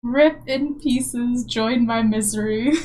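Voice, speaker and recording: A woman's voice: a little high, darkish tone, low-quality recording. A woman streamer and comic artist in casual, rambling live-stream chat with her viewers, self-mocking and chatty.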